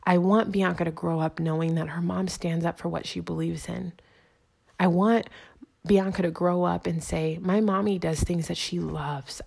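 A woman giving an earnest, encouraging motivational talk, repeating affirmations and slowing down for emphasis. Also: fairly low pitch, gravelly, darkish tone. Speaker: motivational speaker. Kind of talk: inspirational monologue.

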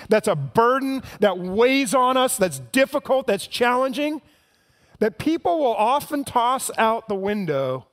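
A pastor preaches in a high, light voice, talking earnestly to his congregation. He drops to hushed tones in the tender parts and rises to impassioned pleading at the peaks. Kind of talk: sermon.

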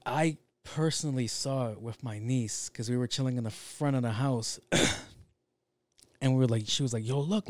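A man's voice: medium pitch, warm tone, no echo. A young man in a casual solo monologue, rambling and profane, drifting off on tangents.

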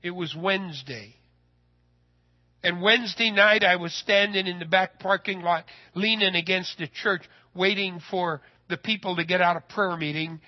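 A man telling a personal story in a sermon, folksy and animated, his voice rising when he gets excited. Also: high voice, moderate pace, muffled recording.

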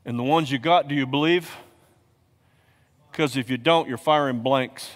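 A male pastor preaching a sermon in a church, swinging from hushed, quiet lines to loud, shouted exhortations. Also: mid-range voice, normal speed. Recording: long reverb of a large hall.

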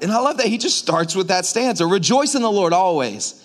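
A man preaches a casual sermon in a church, bantering with his congregation between points. His voice sits high for a man, and he keeps the tone joking and conversational. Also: brisk. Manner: joking, conversational, animated preaching with audience asides. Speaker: pastor. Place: church sanctuary.

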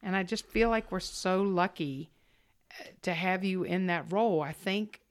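A woman's voice: on the low side, normal speed. A woman co-hosting a podcast, effusive and chatty, with frequent laughter. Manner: effusive, animated, laughs often. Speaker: podcast co-host. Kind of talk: casual chat.

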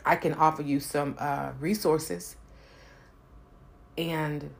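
A woman's voice: low-pitched, little pitch movement, takes it slowly, gravelly, slight background noise. A woman talking earnestly and emphatically about personal growth and spirit, swearing now and then for emphasis. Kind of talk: personal reflective talk to camera.

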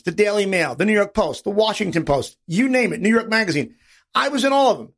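A man hosting a podcast, telling stories in a casual, profanity-laced monologue and acting out the people he quotes. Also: high-pitched. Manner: animated storytelling, acts out quoted voices. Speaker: podcast host.

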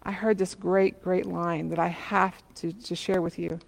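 A woman's voice: fairly low pitch, little pitch movement, a little slow, creaky, big-room sound. A woman preacher telling a parable in a sermon, with many questions to the listeners.

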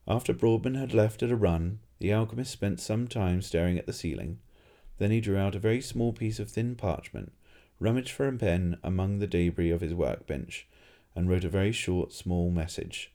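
A man reading a humorous fantasy story aloud as narrator, in a dry, lively storytelling manner. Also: deep voice, normal speed. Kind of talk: audiobook reading.

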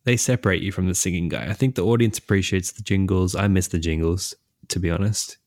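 A man's voice: deep voice, fairly even intonation, quick pace, darkish tone, no room sound, studio quality. A laid-back man, co-hosting a podcast in casual chat. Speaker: podcast co-host.

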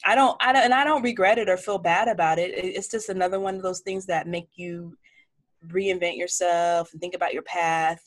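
A woman's voice: lowish voice, brisk. A woman of forty, a chef, telling stories frankly in a casual interview and acting out what people said. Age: 40s. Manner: frank, animated storytelling with acted-out quotes. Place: home office lined with cookbooks.

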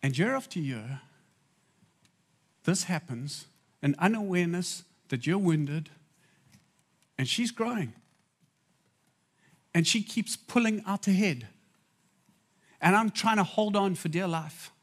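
A man delivers a sermon in a loose, chatty manner. His voice sits somewhat high, and he breaks off for quick asides to the crowd. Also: expressive. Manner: conversational, asides to the audience. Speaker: preacher.

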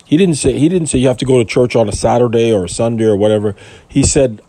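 A man's voice: medium pitch, lively intonation, brisk, mellow, dry recording. A man reading scripture and commenting on it in a casual, rambling way, full of asides and restarts. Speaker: Bible teacher.

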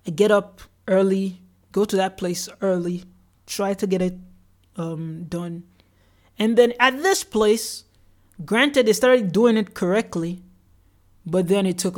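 With a medium pitch, a slow pace, and frequent pauses, a solo host walks through their day in casual podcast storytelling. "Like" crops up constantly, and the host performs the lines other people said.

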